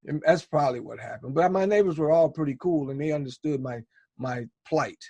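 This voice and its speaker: A man's voice: fairly high pitch, a little fast, a little mellow, husky, no room sound. A man in a podcast, telling a personal story in a casual, rambling way and often checking in with "right?". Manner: rambling, conversational, tags lines with "right?".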